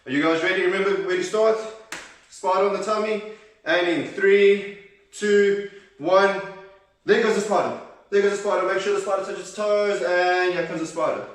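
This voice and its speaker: A man with a high-pitched, steady voice leads a kids' exercise class at a moderate pace, cheerfully urging them on and counting reps aloud. He gets out of breath at times. The room is very echoey and he sounds far from the mic.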